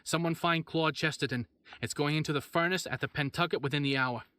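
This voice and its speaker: A man voicing an anxious, blustering male mayor who barks orders loudly. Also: a little high, a little fast, pitched above the performer's own voice. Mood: furious. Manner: loud, commanding, pressured.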